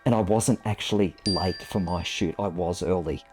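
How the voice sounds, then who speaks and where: A man's voice: deep voice, moderate pace, loud music behind the voice. A man in his fifties, a photographer, telling a personal story to camera in a reflective, self-deprecating way.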